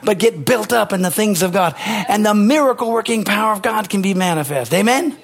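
A pastor preaching a sermon, emphatic, rising to near-shouted peaks on key lines. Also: male voice, high-pitched, expressive, fairly quick.

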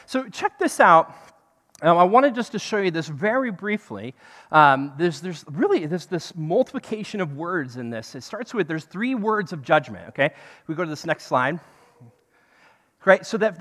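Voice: mid-range voice, lively intonation, normal speed, a bit bright. A preacher giving a conversational sermon in a church hall, often checking in with the listeners. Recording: long hall reverb.

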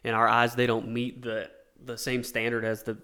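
A man's voice: medium pitch, completely flat delivery, normal speed, pushed and bright, smooth. A man co-hosting a casual Christian talk show, speaking earnestly and reflectively about faith. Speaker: co-host. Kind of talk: casual Bible discussion.

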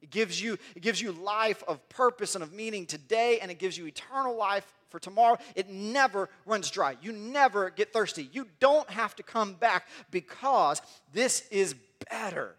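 Male preacher, sermon, earnest, repeats words mid-thought, high-pitched voice. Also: lively intonation, normal speed, few pauses, fairly bright tone. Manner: earnest, repeats words while building a point.

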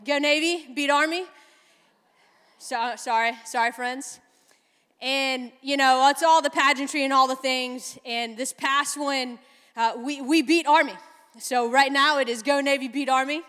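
A woman's voice: high-pitched, steady tone, a little slow, a bit bright, smooth. A woman chaplain giving a sermon, telling stories with emotion and frequent laughter. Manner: emotional, laughing, chatty storytelling. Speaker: naval chaplain preaching. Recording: long hall reverb.

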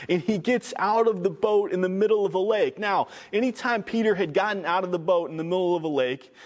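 Casting: man preaching, emphatic and repetitive, slightly high voice, long reverb. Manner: emphatic, repetitive, conversational storytelling. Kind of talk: sermon. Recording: echoey hall reverb.

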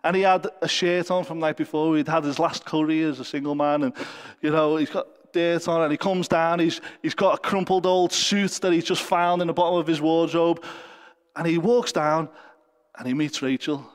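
High-voiced male preacher in a reverberant hall. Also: fairly even intonation, normal speed. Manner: earnest, conversational, with light jokes. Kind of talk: sermon. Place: church service.

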